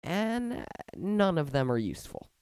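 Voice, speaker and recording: This is a man giving a let's-play commentary while sick with a fever, and it hurts when he talks. His voice sits mellow and soft-edged, yet it leaps up and down whenever something works. He rambles, restarts and walks through each step of his build with eager excitement. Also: on the high side, normal speed, clean tone, dry recording. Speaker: video game commentator.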